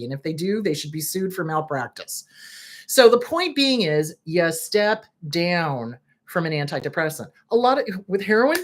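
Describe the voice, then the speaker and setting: A woman therapist hosting a talk show, speaking bluntly and with indignation, swearing freely as she comments. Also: lowish voice. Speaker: host, therapist. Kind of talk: direct-to-camera commentary.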